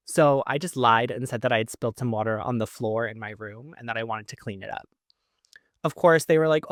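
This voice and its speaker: A Canadian podcast host tells a personal story in a chatty way, packed with "like" fillers and laughs between lines. His mid-range voice has lively intonation and a fairly quick pace, captured in clean studio sound with no room sound.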